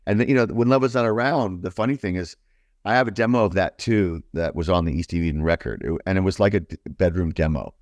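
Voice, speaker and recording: A baritone man from New York, a guest musician talking in a casual, rambling, enthusiastic way with many fillers. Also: fast talker, no echo. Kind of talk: casual interview chat.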